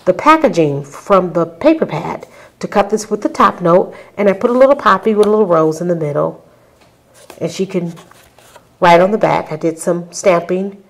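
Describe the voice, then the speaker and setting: A crafter casually shows off a handmade scrapbook album in a show-and-tell tutorial, chatty and full of ums and small asides to viewers. Her lowish voice is expressive at normal speed, and the recording is rough.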